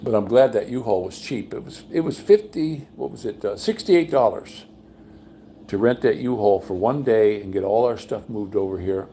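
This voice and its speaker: Gravelly, low-voiced older man. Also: moderate pace, mellow, a little hiss or hum. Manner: folksy storyteller, acts out quotes in a higher voice. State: undergoing cancer treatment. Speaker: vlogger. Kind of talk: casual rambling livestream chat. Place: home room with high ceilings.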